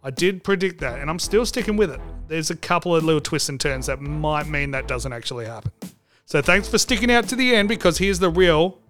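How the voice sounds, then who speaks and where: A man's voice: fairly high pitch, brisk, a bit bright, faint music behind. A man hosting a comedic podcast, joking and swearing for laughs. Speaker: podcast host.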